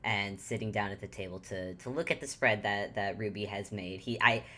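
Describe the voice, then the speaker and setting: A woman casually narrating her character in a tabletop game, halting and chuckling. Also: rumbling low, pushed and bright.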